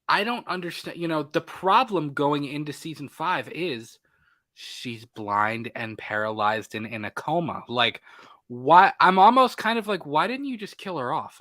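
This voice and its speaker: Male podcast co-host, fairly high voice, animated casual review chat. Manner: animated, excitable, acts out reactions.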